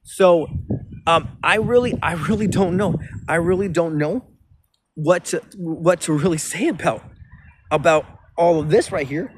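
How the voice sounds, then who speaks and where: A man's voice: on the high side, unhurried, a little hiss or hum. Agitated profane man rambling outdoors. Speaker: vlogger. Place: outdoors by a river and a bridge.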